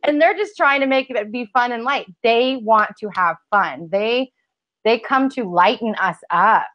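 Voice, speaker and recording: A woman's voice: a little high, lively intonation, unhurried, dull audio. A woman guest in a casual spiritual conversation, playful and laughing, acting out voices in her stories.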